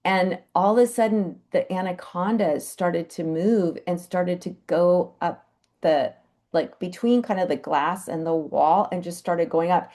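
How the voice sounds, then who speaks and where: A woman's voice: on the low side, a little slow. Chatty woman telling animal stories. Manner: chatty, animated, with lively quoted asides. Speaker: animal Reiki practitioner sharing stories. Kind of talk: casual storytelling on a live call. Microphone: video call.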